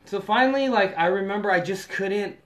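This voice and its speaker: A man's voice: sits high, a little fast, fairly bright tone. A man in his thirties, telling a personal story in casual, profane podcast chat.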